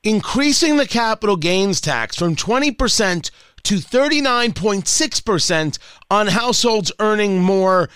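A man's voice: high voice, lively intonation, measured pace, a bit bright, clean tone, no room sound. A man hosting a radio talk show, questioning his guest and restating the points he makes. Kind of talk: radio interview.

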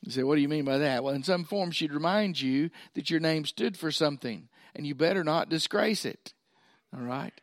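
A man's voice: a little high, normal speed, no echo, studio quality. A man preaching a sermon, folksy and often checking in with his listeners. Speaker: pastor.

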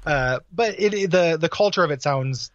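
A man's voice: fairly high pitch, lively intonation, normal speed, a bit bright, no room sound, dull audio. A man co-hosting a podcast, talking casually in a rambling way with many fillers and restarts. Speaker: podcast co-host. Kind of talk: casual chat.

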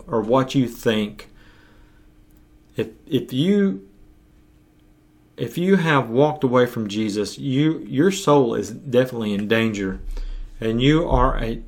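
A man preaching a podcast sermon as pastor, earnest and urging, with his voice going hoarse. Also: medium pitch. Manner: earnest, urging, slow deliberate pauses. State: losing his voice.

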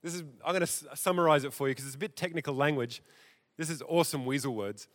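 A man preaching a sermon in a church, theatrical and animated, his loudness rising and dropping. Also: fairly high pitch, quick pace. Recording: echoey church hall.

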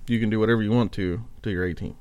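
A man's voice: on the low side, steady tone, racing, darkish tone, clean tone, dry recording. Joking man arguing, dry sound. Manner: joking, argumentative, plays devil's advocate. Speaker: podcast co-host. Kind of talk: casual banter.

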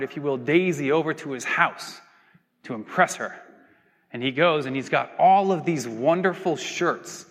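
A man preaching a sermon in a relaxed, conversational way, often slipping into lively quoted voices. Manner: conversational, acts out quoted voices with big pitch jumps. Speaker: pastor. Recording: long hall reverb.

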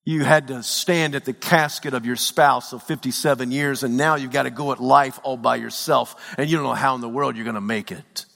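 A man pastor delivering a dramatic sermon, swinging from hushed tones to shouts. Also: mid-range voice, steady tone, fairly quick, creaky, few pauses, big-room sound.

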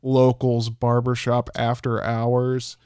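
A man's voice: mid-range voice, monotone, takes it slowly, mellow, clear, resonant tone, no echo, clean studio sound. A man co-hosting a podcast in joking, self-mocking casual chat. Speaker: podcast co-host.

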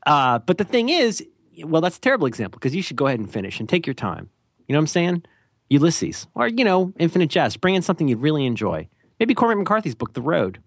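A man co-hosting a podcast, talking in loose, rambling tangents with lots of self-deprecating jokes. His pitch swings widely as he talks. The microphone sound is close and dry. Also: huge pitch swings, quick pace, dry recording. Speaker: podcast co-host. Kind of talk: casual podcast chat.

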